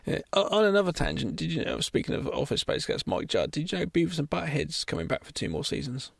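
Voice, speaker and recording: A man with a gravelly voice and a lively, swooping delivery, trading asides as a podcast co-host. He drifts into tangents and quick personal stories. The recording is dry and close. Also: on the high side, no room sound. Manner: chatty, goes off on tangents. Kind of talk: casual film discussion.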